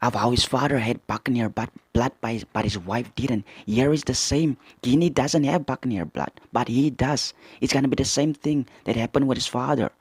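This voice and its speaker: A man hosting a manga reaction, reading character lines aloud and commenting with excited asides. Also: medium pitch, normal speed, few pauses, breathy edge, dry recording.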